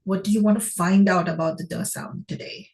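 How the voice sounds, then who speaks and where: A woman's voice: mid-range voice, fairly even intonation, fairly quick, a little mellow, rough recording. A woman teaching a phonics lesson, who asks her class questions and praises each answer.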